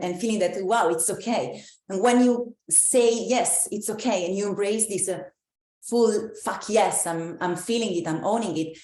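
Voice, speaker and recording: A woman with an Italian accent gives a live, reflective talk to an online group as a movement coach, with many pauses and restarts. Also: medium pitch, darkish tone, reverberant. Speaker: embodiment coach.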